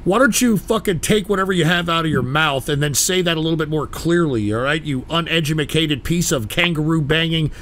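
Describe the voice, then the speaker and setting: A man's voice: a little high, a little fast, few pauses, fairly bright tone. Profane, exasperated call-in host man. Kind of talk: crude call-in radio parody.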